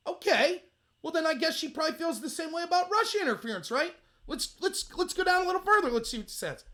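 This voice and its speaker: A man hosting a political commentary show, reading out a hearing transcript with sarcastic, mocking remarks and bursts of loud outrage. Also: very high-pitched, animated, fast talker. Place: home room lit by window.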